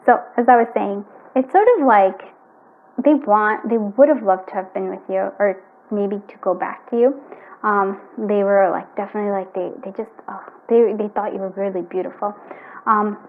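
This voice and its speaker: A woman's voice: medium pitch, fairly even intonation, normal speed, a little hiss or hum. A woman giving a casual pick-a-card tarot reading from home, talking in a rambling, chatty way full of fillers. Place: at home with her cats. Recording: thin, phone-like sound.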